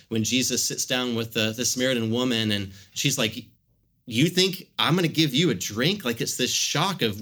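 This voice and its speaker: A man's voice: medium pitch, bright, forceful tone. A man preaching a sermon in a casual, conversational way, telling a story with lots of "like" fillers. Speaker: pastor.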